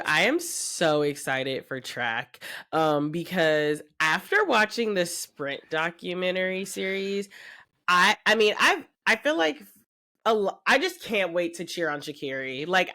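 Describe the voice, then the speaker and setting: A woman's voice: on the low side, measured pace. Chatty woman podcast co-host. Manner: animated storytelling, many fillers. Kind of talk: casual chat.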